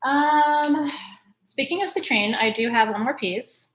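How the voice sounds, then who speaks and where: A woman's voice: sits high, unhurried, fairly bright tone. A woman hosting a live-stream sale, chatting in a gushing way and laughing often. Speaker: host selling crystals. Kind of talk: live-stream sales chat.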